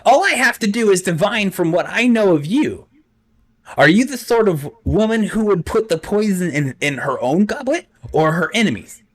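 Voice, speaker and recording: A man putting on a high, louder voice as a pompous bald schemer who boasts of his brains and reasons in circles aloud. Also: very animated, moderate pace. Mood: scheming. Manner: smug, lofty, talks himself in circles.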